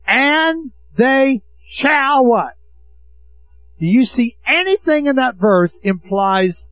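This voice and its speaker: Male preacher, high voice, emphatic sermon delivery with call-outs to the room; dull lo-fi sound. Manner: emphatic, asks the congregation rhetorical questions. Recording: dull lo-fi recording.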